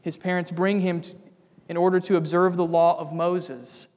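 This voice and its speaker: Male preacher, high voice, emphatic sermon delivery, long reverb. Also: level tone, normal speed, darkish tone. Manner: emphatic, addresses listeners as friends.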